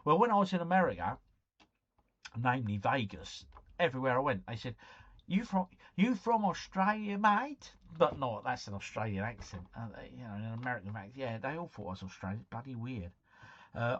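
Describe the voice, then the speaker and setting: A man's voice: medium pitch, a bit bright, husky. Chatty man on a slightly dull stream. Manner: chatty, reads out viewers' quiz scores, bursts into bits of song. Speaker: live-stream host. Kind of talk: casual live-stream chat.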